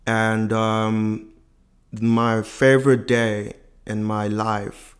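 Young male podcast guest from South Africa, low and even delivery, reflective and halting. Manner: reflective, halting, with many fillers. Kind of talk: personal storytelling in a podcast interview.

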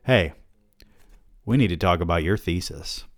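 A man voicing a wary, teasing young woman who answers with sharp, skeptical retorts. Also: sits low, animated, measured pace, no room sound, clean studio sound.

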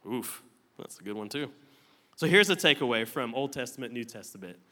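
A man's voice: mid-range voice, expressive, a little fast, pushed and bright. A man preaching a sermon as a pastor, conversational and playful, with joking asides to the congregation. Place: church auditorium with slides. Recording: long hall reverb.

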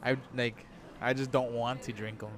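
A man's voice: medium pitch, flat delivery, moderate pace, crowd noise. A man talking as a podcast guest in casual chat, laid-back, swearing a lot and laughing at himself.

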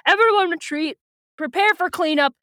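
A woman's voice: extremely high pitch, normal speed, bright, forceful tone, no room sound, voice pushed up. A woman voicing a commanding male alien warlord who barks orders to retreat, recorded close on a dry podcast mic. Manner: barking orders.

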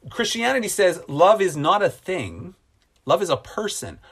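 A man preaching a sermon as a pastor, earnest and repeating phrases for emphasis, slowing down on key lines. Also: sits high, sing-song, fairly bright tone, slightly rough.

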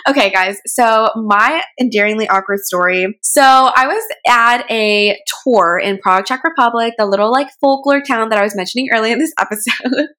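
A young American woman in her twenties co-hosting a podcast, telling stories in a casual, animated way and laughing often. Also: a little high, moderate pace. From United States. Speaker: podcast co-host. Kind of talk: casual chat.

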